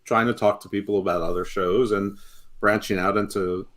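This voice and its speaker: A man's voice: fairly low pitch, fairly even intonation, normal speed, fairly bright tone. Wry, stammering podcast co-host man. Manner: wry, self-deprecating, stammering restarts. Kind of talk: casual podcast chat.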